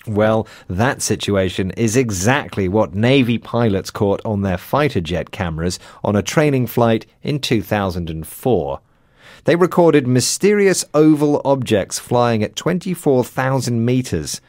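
A man hosting a scripted educational radio programme, speaking in a clear, measured, teacherly way. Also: medium pitch, lively intonation, darkish tone, no room sound. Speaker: host. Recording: dry studio sound.

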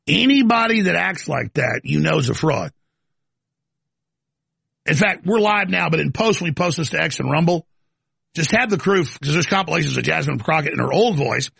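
A heated male talk host ranting live, rambling and tripping over restarts. His voice sits fairly high for a man, gravelly and husky, recorded dry and close. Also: expressive, normal speed, fairly bright tone, no echo. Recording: live studio broadcast.

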